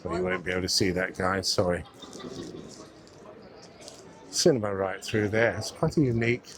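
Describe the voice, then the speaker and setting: A man's voice: deep voice, normal speed, a crowd in the background. Chatty man on a walking tour. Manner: chatty, musing aloud, addresses viewers as guys. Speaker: vlogger. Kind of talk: casual walking-tour commentary. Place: outdoors on city streets. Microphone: clip mic under his coat.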